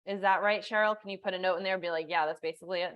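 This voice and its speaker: A woman's voice: on the low side, fairly even intonation, rapid-fire, fairly bright tone. Chatty woman coaching on a livestream. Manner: casual and chatty, with many "like"s, reading viewer comments aloud. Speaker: law of attraction coach and host. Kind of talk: live-streamed coaching talk.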